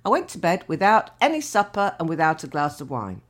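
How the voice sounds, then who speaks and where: Chatty older woman, lively pitch. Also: fairly quick. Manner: chatty storyteller, laughs often, acts out her own thoughts. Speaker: podcast co-host. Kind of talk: casual chat.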